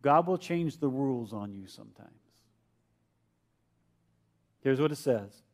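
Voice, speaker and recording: A man's voice: mid-range voice, animated, a little fast. A male pastor giving a conversational sermon and asking his congregation questions. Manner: acts out Peter's confused voice.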